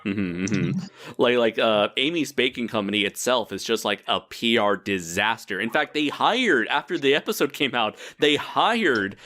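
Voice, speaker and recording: A man's voice: medium pitch, animated, moderate pace, pushed and bright. A man hosting a podcast in casual chat, laughing often and swearing freely. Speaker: podcast host.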